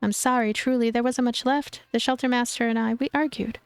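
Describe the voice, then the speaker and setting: A woman voicing a kindly male street priest in a video game, speaking gently and soothingly. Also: fairly high pitch, steady tone, brisk, clear, resonant tone, no echo, lightly acted. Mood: gentle.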